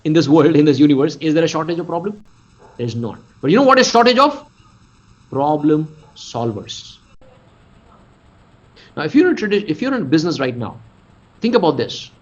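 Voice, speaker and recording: An Indian man in his forties leads a motivational webinar in a slightly raised, husky voice. He is emphatic, draws out key words and keeps firing questions at his audience. The audio is dull and lo-fi, as from a computer mic on a video call. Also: a little high, big pitch swings, normal speed, pauses often. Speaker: business coach.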